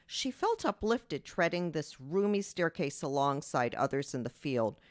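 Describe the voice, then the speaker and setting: A woman born in Britain, an author introducing and then reading an excerpt from her novel, with animated, laughing asides. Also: low voice, measured pace.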